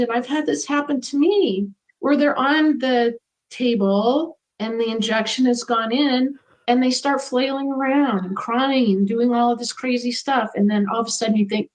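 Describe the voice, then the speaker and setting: A middle-aged woman speaks as an interview guest, earnest and reflective. Her voice sits a little higher than most women's. She talks in a conversational way about her own experiences. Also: normal speed, darkish tone, poor audio.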